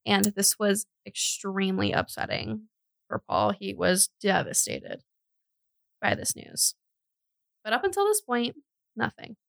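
Gravelly young woman telling a crime story. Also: mid-range voice, very animated, a little slow, long pauses, a bit bright, no echo. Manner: chatty, with frequent fillers and self-corrections. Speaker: podcast co-host. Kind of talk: casual true-crime storytelling.

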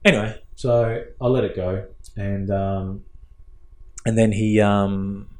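A man's voice: lowish voice, flat delivery, slow pace. A man with an Australian accent, co-hosting a casual podcast chat and telling a long rambling story, acting out the quoted dialogue. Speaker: podcast co-host, fabricator and tuner.

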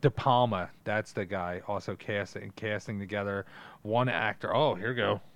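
Podcast co-host: man, lowish clear voice, dry close mic, loose profane banter. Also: normal speed, fairly bright tone, no echo. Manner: profane, joking, reads trivia notes. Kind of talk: casual podcast chat.

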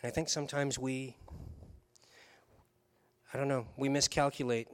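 A man giving a sermon as a pastor, telling a personal story with animated delivery and chuckles along the way. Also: medium pitch, normal speed, smooth.

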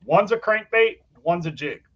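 A man hosting a casual podcast chat, telling stories in a rambling, profane way. His voice sits a little high. The recording sounds a touch dull and lo-fi. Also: lively intonation, normal speed, a bit bright. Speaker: podcast host.

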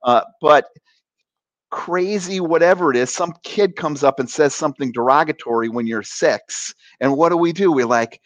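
A man's voice: on the high side, normal speed, dry recording. A man, a coach being interviewed, explaining ideas in a conversational way and acting out quoted voices with animation.

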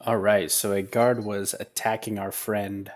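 A man player lays out his character's actions in a relaxed, halting way. His voice sits somewhat low. He fills his pauses with small filler words. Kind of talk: casual tabletop game play.

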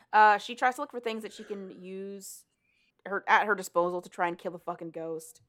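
A woman's voice: medium pitch, moderate pace, a bit bright. A woman co-hosting a podcast, retelling a book's plot in a rambling, casual way with plenty of swearing. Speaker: podcast co-host. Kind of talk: casual book recap chat.

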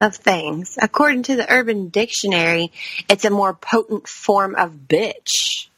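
Bright-voiced chatty woman. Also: mid-range voice, measured pace, breathy edge, no echo. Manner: chatty, swearing, laughs often. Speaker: podcast co-host. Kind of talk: casual chat.

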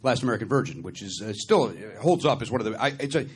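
A man's voice: on the low side, lively intonation, quick pace, slightly rough. A man in his fifties hosting a live comedy podcast, jokey and sarcastic. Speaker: podcast host. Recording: live stage with audience.

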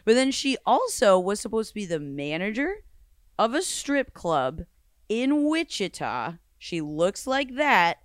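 A woman's voice: medium pitch, very animated, measured pace, no room sound, studio quality. A woman co-hosting a casual movie review podcast, sardonic and incredulous. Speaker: podcast co-host.

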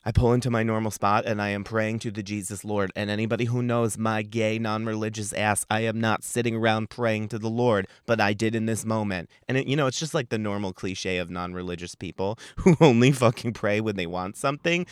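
A man's voice: lowish voice, fairly even intonation, brisk, few pauses, clean tone, dry recording, studio quality. Profane, dramatic storytelling man. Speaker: podcast host. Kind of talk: comedic storytelling.

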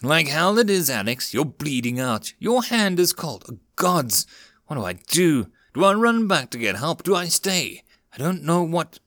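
A man's voice: a little high, big pitch swings, unhurried, fairly bright tone, dry recording, studio quality, voice pushed up. A man doing a panicked, tearful young man. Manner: frantic, pleading, tearful. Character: panicked young man watching his friend die.

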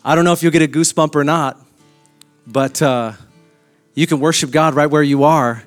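A pastor preaching a sermon with emphatic, repeated declarations. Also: male voice, a little high, steady tone, normal speed, soft background music.

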